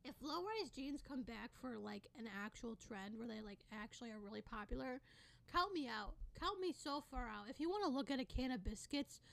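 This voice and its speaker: A teenage girl hosting her own podcast, ranting in a sassy, sarcastic way with sudden loud bursts. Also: on the high side, expressive, brisk, vocal fry. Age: teens. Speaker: podcast host. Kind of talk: casual solo podcast rant.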